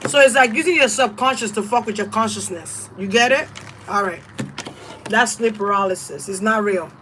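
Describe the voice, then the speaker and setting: A woman's voice: mid-range voice, normal speed, a bit bright, slight background noise, poor audio. A woman reading tarot and giving casual spiritual advice in a blunt, emphatic, profane way. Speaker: tarot reader.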